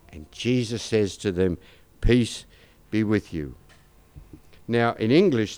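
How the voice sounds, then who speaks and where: Older Australian man preaching, smooth voice. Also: medium pitch. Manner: conversational, anecdotal preaching with asides to the congregation. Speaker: pastor. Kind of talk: sermon.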